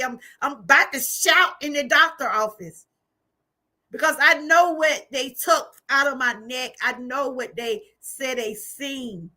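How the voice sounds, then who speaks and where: A woman's voice: high voice, measured pace, pushed and bright. A woman, hosting her own livestream and giving an emphatic, repetitive, preacherly testimony. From Georgia, US. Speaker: channel host.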